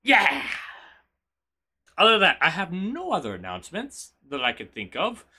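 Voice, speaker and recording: A male streamer chats casually with his viewers, chaotic and energetic. His voice sits high and sounds bright and sharp. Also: moderate pace, breathy edge.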